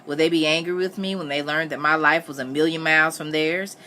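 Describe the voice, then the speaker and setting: Low-voiced woman reading a novel aloud. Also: fairly quick, a little hiss or hum. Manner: steady first-person narration. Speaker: reader.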